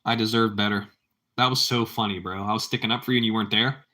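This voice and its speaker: Bright-voiced casual streamer guy. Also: on the low side, steady tone, fast. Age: adult parent. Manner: rambling, repetitive, calls viewers bro. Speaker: livestream host. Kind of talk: casual livestream chat with viewers.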